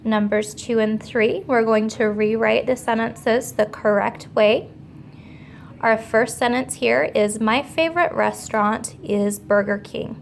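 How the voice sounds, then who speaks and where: A woman teacher giving a remote grammar lesson to young children, slow, clear and patient as she explains each step. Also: fairly high pitch, slight background noise.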